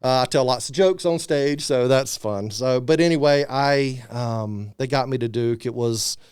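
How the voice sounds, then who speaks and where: With a smooth, mid-range voice at normal speed, a man in his thirties relates a personal story on a podcast where he's a guest, keeping it casual and animated and imitating those he quotes. The audio is clean studio sound without echo.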